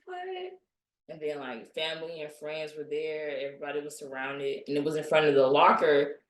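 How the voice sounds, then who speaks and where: A woman's voice: sits low, level tone, moderate pace, distant mic, slight background noise. A young woman chatting casually as a podcast guest, telling a story with animation and acting out the voices of the people she quotes. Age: young adult. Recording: echoey room, a bit off-mic.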